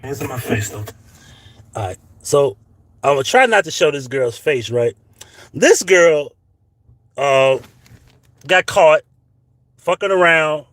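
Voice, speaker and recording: A man hosting a commentary vlog, telling a personal story in a casual, profane, animated way. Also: fairly high pitch, slow pace, pauses often. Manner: profane, animated, tells a story with acted quotes. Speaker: commentary channel host.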